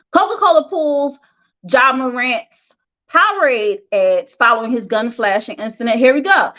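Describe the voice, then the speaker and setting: A woman reads celebrity headlines in a high, bright voice and breaks off for frank, opinionated side comments. The recording sounds dull and lo-fi. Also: expressive, normal speed. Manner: chatty, opinionated asides with laughs. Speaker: host reading celebrity news. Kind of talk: casual gossip news commentary.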